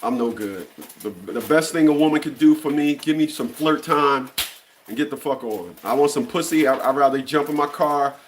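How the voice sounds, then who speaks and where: Man in his fifties, fairly high voice, blunt profane rant, stammering repeats. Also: normal speed, a little hiss or hum. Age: 50s. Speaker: commentary channel host. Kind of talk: opinion rant monologue.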